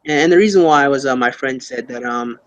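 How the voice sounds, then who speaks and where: A man's voice: medium pitch, a little fast, highs cut off. A young man answering interview questions casually, rambling with many fillers and restarts. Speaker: YouTuber being interviewed.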